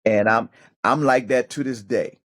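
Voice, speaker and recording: Middle-aged man telling lively stories. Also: medium pitch, a little slow. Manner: animated storyteller who acts out other people's voices; repeats and restarts words while thinking. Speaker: podcast guest, former pro football player turned high school coach. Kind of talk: casual storytelling interview.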